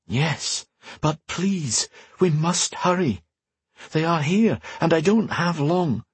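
A man voicing a mystic woman who speaks into another's mind, pleading and hurried. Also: fairly high pitch, lively intonation, slightly rough, no echo, voice pushed up, heavily acted.

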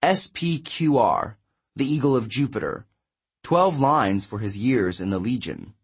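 A man voicing an earnest, gentle teenage girl, using a softer, raised voice. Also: medium pitch, big pitch swings, unhurried, slightly rough, full character voice. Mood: tender.

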